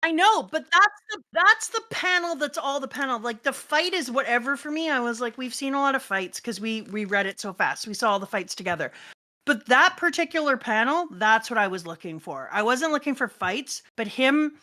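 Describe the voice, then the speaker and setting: Bright, higher-voiced middle-aged woman. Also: animated, normal speed. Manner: earnest, emphatic, wry. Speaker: co-host. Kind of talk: casual chat.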